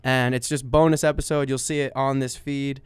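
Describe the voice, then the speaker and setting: A man's voice: medium pitch, flat delivery, fairly quick, clear, resonant tone, dry recording. A man from Brooklyn, New York, co-hosting a podcast in casual chat, telling stories with emphasis. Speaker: podcast co-host.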